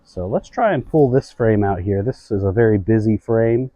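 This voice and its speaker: A man's voice: lowish voice, lively intonation, moderate pace, warm tone, no echo, low-quality recording. A man working as a beekeeper, patiently explaining what he does while he inspects a hive outdoors. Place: outdoors at a beehive.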